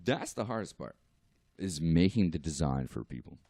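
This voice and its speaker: A man's voice: low voice, normal speed, no room sound, clean studio sound. A man, a guest artist, telling a story in casual podcast chat, laughing and acting out what others said. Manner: animated, laughing, acts out quotes.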